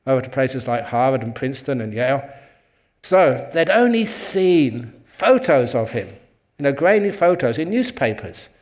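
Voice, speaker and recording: A man who is a Buddhist monk and meditation teacher, telling a humorous story in a talk and chuckling at his own jokes. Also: mid-range voice.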